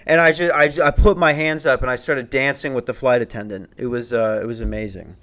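With a mid-range, somewhat bright voice and lively intonation, a young man chats through stories on his podcast at a normal speed. It's casual and rambling, full of swearing, laughter and restarted sentences.

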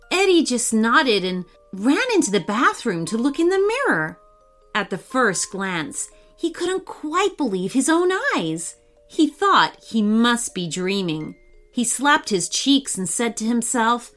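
A woman hosting and narrating a children's story in an expressive, animated read-aloud manner. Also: medium pitch, slow pace, faint music behind. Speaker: host and storyteller.

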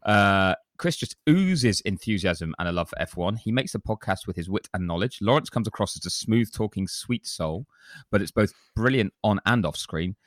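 A low-pitched man hosts a casual podcast, chatty and self-deprecating as he reads listener reviews aloud. His voice is deep, and the sound is dry and close to the mic. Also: lively intonation, moderate pace, no echo. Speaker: podcast host.

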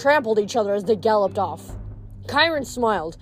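A woman's voice: medium pitch, expressive, moderate pace, soft background music. A woman reading a novel aloud in a casual manner, stumbling and restarting words now and then. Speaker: reader.

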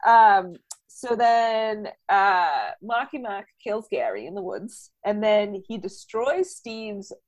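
A woman's voice: mid-range voice, animated, slow pace, no room sound. Chatty woman recapping a movie plot. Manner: rambling, filler-heavy plot recap. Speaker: podcast co-host recapping a film. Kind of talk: casual chat.

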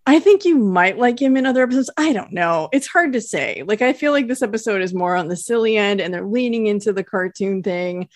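A woman's voice: medium pitch, animated, brisk, hardly any pauses, dry recording, clean studio sound. Chatty woman podcast co-host. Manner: chatty and giggly, quotes characters in a lightly acted voice. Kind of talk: casual episode recap chat.

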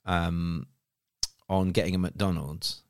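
A man's voice: deep voice, fairly even intonation, slow, a little mellow, no room sound, studio quality. A middle-aged man co-hosting a podcast in casual chat, with frequent restarts. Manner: chatty, with repeated restarts. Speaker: podcast co-host.

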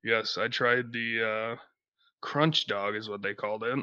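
A man's voice: fairly low pitch, steady tone, a little slow, pushed and bright, clear, resonant tone, dry recording. A man co-hosting a podcast, chatting casually in a dry, matter-of-fact way. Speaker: podcast co-host. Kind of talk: casual chat. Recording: slightly dull lo-fi mic.

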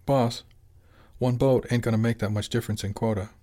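A man's voice: mid-range voice, steady tone, brisk, warm tone, natural voice. A man voicing a worried, sardonic middle-aged accountant who keeps objecting in casual, slangy speech. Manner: colloquial, objecting.

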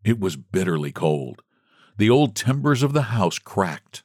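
An unhurried, fairly low-pitched man narrates an audiobook, telling the scripted story with expression. It's a studio-quality recording with no echo.

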